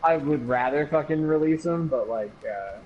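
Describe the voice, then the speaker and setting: A man's voice: on the high side, normal speed, highs cut off, a little hiss or hum. Laid-back young man, casual swearing. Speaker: friend and co-host. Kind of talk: casual chat.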